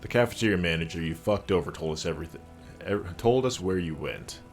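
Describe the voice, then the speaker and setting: A man's voice: deep voice, expressive, brisk, faint music behind. A man streaming a game, reading its dialogue aloud and joking in between. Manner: wry, joking, reads lines in character.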